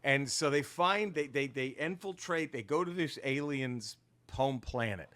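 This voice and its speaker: A man co-hosting a casual podcast, retelling comic book plots in an animated, profane way with lots of restarts. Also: medium pitch, measured pace. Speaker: podcast co-host.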